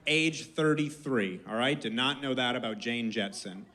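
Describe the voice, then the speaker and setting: A man's voice: mid-range voice, moderate pace, bright, forceful tone. A male stand-up comedian building a joke step by step with a wry tone. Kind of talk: stand-up routine.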